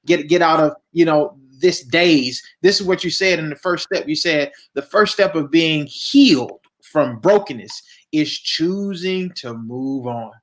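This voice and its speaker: A man's voice: fairly high pitch, measured pace, hardly any pauses, a bit bright. A man, a pastor hosting an interview, who affirms his guest and often stammers and repeats words. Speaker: pastor and host.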